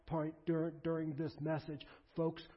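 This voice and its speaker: A man's voice: fairly high pitch, completely flat delivery, measured pace, in a large hall. A man preaching a sermon who earnestly urges the congregation to respond. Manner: earnest, exhorting the congregation directly. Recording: dull lo-fi recording.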